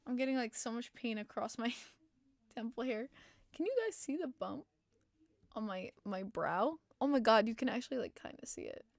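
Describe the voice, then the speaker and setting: A young woman talks hockey on her stream, opinionated and chatty as she answers chat. Her voice sits fairly high and sounds a bit tired. The sound is close and dry, with no room echo. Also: expressive, normal speed, gravelly. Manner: chatty, opinionated fan reading chat comments. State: tired, yawning. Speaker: podcast host. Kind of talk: casual live-stream chat about hockey.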